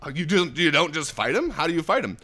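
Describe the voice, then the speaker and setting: A man in his thirties hosts a casual livestream, joking, swearing and laughing as he talks. His voice is bright and a little high, and his pitch jumps around a lot. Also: quick pace. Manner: energetic, jokey, swears, laughs often. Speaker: host.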